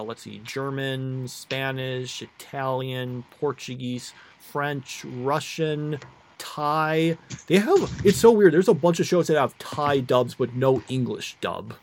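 A young man chatting casually as a podcast co-host, rambling with many fillers, restarts and trailing thoughts. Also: medium pitch. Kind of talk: casual chat.

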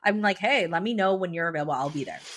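A young adult woman co-hosting a podcast, telling a personal story in a chatty, animated way with lots of fillers. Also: on the low side, quick pace, slight background noise. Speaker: podcast co-host. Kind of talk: casual chat.

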